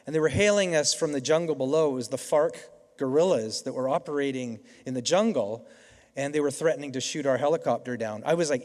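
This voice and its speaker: Middle-aged canadian guy giving a grad speech, chatty storyteller, lots of restarts, big echoey hall. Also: fairly high pitch. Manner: storytelling, conversational with frequent restarts. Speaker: keynote speaker. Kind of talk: convocation speech. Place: large hall. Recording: reverberant hall.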